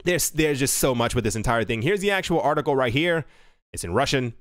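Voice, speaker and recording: A man's voice: medium pitch, lively intonation, fairly quick, a bit bright, dry recording, studio quality. A man hosting a crypto news show, reading out articles and adding rambling, self-correcting asides.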